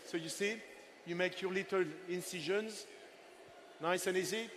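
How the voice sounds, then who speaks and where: A man's voice: high-pitched, fairly even intonation, normal speed, fairly bright tone, a little hiss or hum. A man in his sixties, a chef giving a live cooking masterclass on a festival stage, chatty and playful with his helpers and the crowd.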